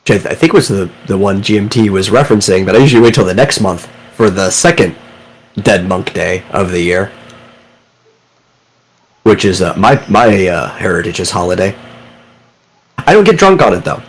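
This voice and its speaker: Co-host, male, lowish voice, steady and a bit preachy. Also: moderate pace, pauses often, slightly rough, rough recording. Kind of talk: casual live-stream chat.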